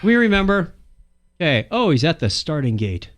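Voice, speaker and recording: A man's voice: a little high, very animated. A man hosting a tech podcast in casual banter, joking and laughing easily while he handles the recording gear. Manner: jokey, quick to laugh, fiddles with recording gear. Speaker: podcast host.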